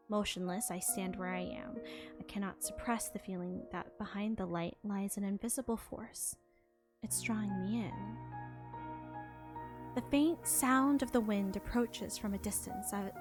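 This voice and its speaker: A young woman streamer reading a game's story and dialogue aloud, soft and expressive. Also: medium pitch. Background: game music.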